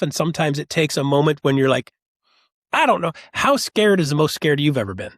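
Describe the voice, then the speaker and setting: A man telling animated stories as a podcast guest, acting out the voices of people he quotes. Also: a little high, brisk, no room sound, clean studio sound. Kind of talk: casual storytelling chat.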